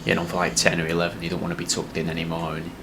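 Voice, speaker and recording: A man casually pitching a sketch idea, rambling with hesitant restarts. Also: completely flat delivery, rapid-fire, background noise. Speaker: comedy podcast host.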